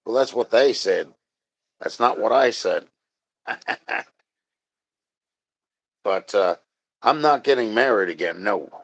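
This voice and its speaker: A man's voice: fairly low pitch, animated, takes it slowly, long pauses, no echo. A man chatting casually on a live stream, rambling, joking and answering chat. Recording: dry, dull lo-fi sound.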